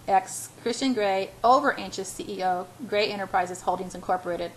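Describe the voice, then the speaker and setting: A woman's voice: mid-range voice, moderate pace, few pauses, poor audio. A woman reading a first-person novel aloud in a casual, unpolished way, with restarts and self-corrections. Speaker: amateur audiobook reader.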